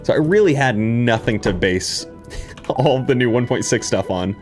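A gaming video creator does live let's-play commentary in a medium-pitched, animated voice that's a little slow and a little mellow. He's playful, chatting to the game characters and making silly sound-effect noises, with game music playing behind him.

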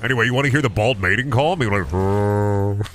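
A man's voice: medium pitch, racing, fairly bright tone, slight background noise. A young man streaming a video game, chatting casually, goofing around and swearing often. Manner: goofy, swears a lot, does silly voices and noises. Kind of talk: casual gaming stream chat.

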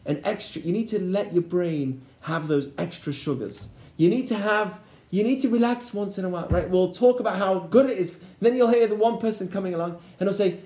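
A rabbi with a high voice leads a lesson. He keeps checking whether the class is following him, and his voice echoes around a roomy space. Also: fairly quick, dark tone. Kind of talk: interactive Torah lesson. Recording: echoey room.

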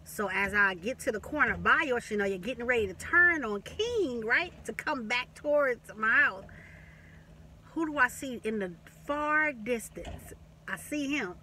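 Woman vlogger, bright voice, chatty storyteller who repeats herself and swears, a bit off-mic with faint traffic. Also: fairly high pitch, measured pace, far from the mic. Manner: animated, repetitive, profane, laughing storyteller. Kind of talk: casual storytelling.

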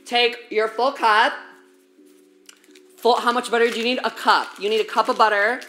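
A woman's voice: on the high side, fairly even intonation, moderate pace, fairly bright tone. A woman live-streaming as she cooks, chatting casually and sassily with viewers, swearing a lot and calling them baby and girl. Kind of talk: casual live-stream chat while cooking. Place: home kitchen. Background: faint music.

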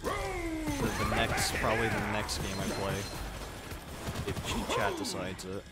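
A man's voice: on the low side, huge pitch swings, unhurried. A man streaming a game, chatting casually with friends, teasing and swearing and laughing often. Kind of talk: casual gaming chat with friends. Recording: game music under voice. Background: game music and gunfire.

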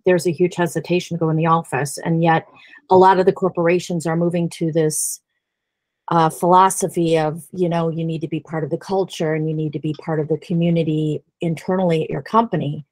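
A woman's voice: low voice, level tone, a little fast, darkish tone, no echo. A woman panelist working in developer marketing, speaking earnestly with some hesitation. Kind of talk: online panel discussion.

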